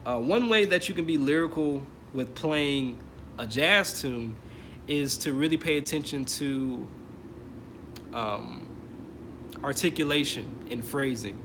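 A man's voice: mid-range voice, slow pace, background noise. A man teaching trumpet in an online masterclass, explaining casually with many fillers and restarts. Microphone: computer mic on a video call.

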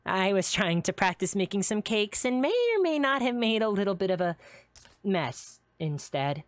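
In a live roleplay, a woman plays a quirky, giggly young seafood restaurant owner in a cheerful, playful mood. Her medium-pitched voice is close to an everyday one, with lively intonation at normal speed, and the recording is dry.

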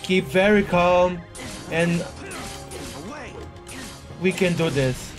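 A man giving live commentary on his own gameplay, excitable, often exclaiming and cursing at a hard boss fight. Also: high voice, very slow. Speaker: gaming video host. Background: faint game music.

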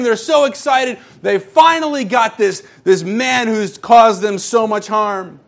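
A man preaching a sermon in a church, retelling a story in a casual, animated way and acting out the people in it. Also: high voice, gravelly. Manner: storytelling, acts out quoted characters casually. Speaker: pastor.

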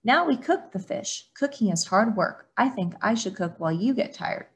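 A woman voicing a sly, sleepy male turtle in a storybook reading, calm and drowsy. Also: medium pitch, moderate pace, close to an everyday voice.

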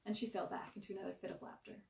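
A woman reading a short story aloud with lively, expressive narration. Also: medium pitch, racing, gravelly, reverberant, far from the mic. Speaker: story reader.

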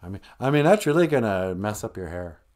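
A man's voice: lowish voice, big pitch swings, fairly quick, a little mellow. A man hosting a live stream, chatting casually in a jokey, teasing, rambling way.

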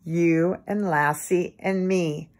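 A woman voicing an eager young boy in a storybook read aloud, with a high, excited voice. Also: slow pace. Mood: cheerful. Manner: high, excited, urgent calling.

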